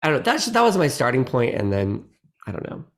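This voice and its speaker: A man, a guest actor in a casual interview, who talks in an animated, rambling way with many restarts and laughs. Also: medium pitch, a little fast. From United States.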